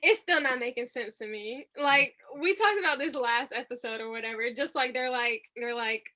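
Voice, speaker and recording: Bright-voiced young woman, laughing and slangy. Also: on the high side, normal speed. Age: young adult. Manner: laughs often, slangy and animated. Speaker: podcast co-host. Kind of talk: casual chat.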